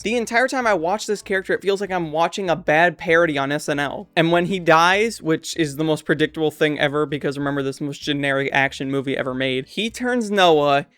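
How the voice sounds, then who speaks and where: A man's voice: a little high, a bit bright, dry recording. Sarcastic young man reviewing movies. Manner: sarcastic, blunt. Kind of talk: casual commentary.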